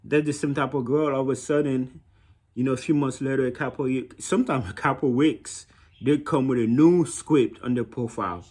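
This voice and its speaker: A man's voice: mid-range voice, fairly quick, darkish tone, husky. Man, Haitian accent, blunt, mocking, repeats himself, casual monologue. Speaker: vlogger giving dating advice.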